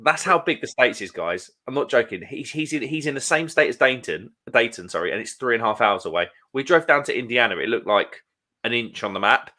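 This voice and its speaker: His pitch is medium and his delivery animated and brisk, with a pushed, bright sound. He is a man in his thirties from England with a London accent, chatting casually on a live stream, spinning stories and laughing a lot.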